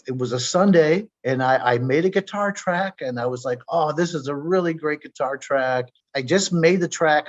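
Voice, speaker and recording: A man telling his own story as a podcast guest, earnest and emotional, often stumbling and repeating words. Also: medium pitch. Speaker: stroke survivor guest. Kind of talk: personal storytelling. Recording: dull lo-fi audio.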